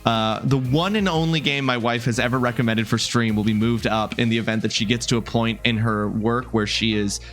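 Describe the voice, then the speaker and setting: A man's voice: mid-range voice, fairly even intonation, brisk, few pauses, fairly bright tone, faint music behind. Chatty, joking male game streamer. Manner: chatty and joking, greets viewers by name, wanders off mid-sentence. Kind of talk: casual live-stream chat with viewers.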